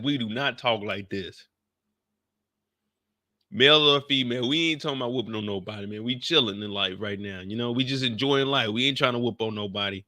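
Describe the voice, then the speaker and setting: Bright-voiced man joking through a recap. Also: medium pitch, brisk, no room sound, studio quality. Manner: slangy, joking, talks straight to viewers. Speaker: host of a TV recap channel. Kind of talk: casual, animated video commentary.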